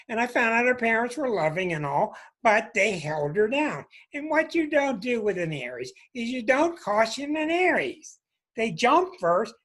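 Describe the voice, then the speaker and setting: A man's voice: sits high, a bit bright, slightly rough. A man who hosts an astrology show, telling a story to a group in an emphatic way and acting out sounds. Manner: emphatic, repeats sounds for effect. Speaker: astrologer and host.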